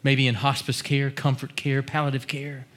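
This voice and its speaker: A man preaches a sermon in a mid-range voice with little pitch movement, speaking at a normal speed. He builds chanted refrains up to shouted climaxes, then drops back into quiet, earnest teaching.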